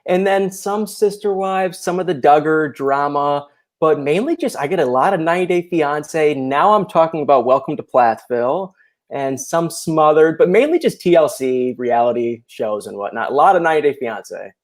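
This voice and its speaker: A man's voice: on the high side, moderate pace. Opinionated man chatting as a guest. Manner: animated, opinionated, restarts often. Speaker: guest YouTuber. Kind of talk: casual chat.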